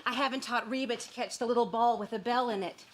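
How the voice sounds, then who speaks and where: A woman's voice: on the high side, fairly even intonation, quick pace, fairly bright tone, a little hiss or hum. A woman playing a chirpy, eager sitcom character. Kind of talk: sitcom acting.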